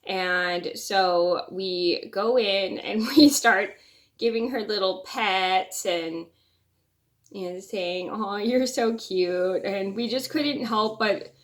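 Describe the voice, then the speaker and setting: A woman's voice: medium pitch, slow pace. A young woman vlogger telling a personal story in a casual, rambling way, often restarting and repeating words.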